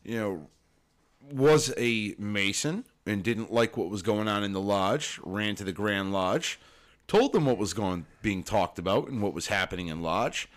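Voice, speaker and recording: Lively man chatting on a podcast. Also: on the low side, a little slow. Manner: animated, mimics movie lines with laughs. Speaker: podcast co-host. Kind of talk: casual chat.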